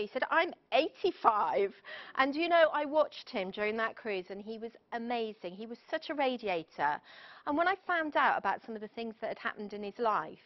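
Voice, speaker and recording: A woman giving a live motivational presentation, chatty and lively, often putting questions to her audience. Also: a little high, muffled recording. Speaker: motivational speaker.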